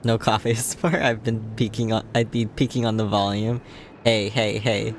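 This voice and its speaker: A man's voice: on the low side, level tone, normal speed, a little hiss or hum. A man hosting a casual game livestream, tired and playful, laughing a lot as he chats with viewers. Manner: playful, giggly, chatting to viewers. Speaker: livestream host. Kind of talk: casual game-stream chat. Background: game music.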